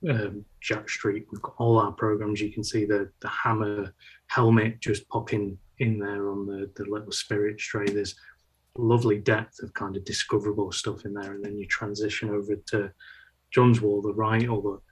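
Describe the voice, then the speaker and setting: A man speaks as a podcast guest in a husky, somewhat low voice. He keeps a flat, level tone and talks haltingly, with frequent ums and likes. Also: poor audio. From United Kingdom. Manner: halting, with many fillers. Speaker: podcast guest, brand manager. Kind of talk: casual podcast conversation.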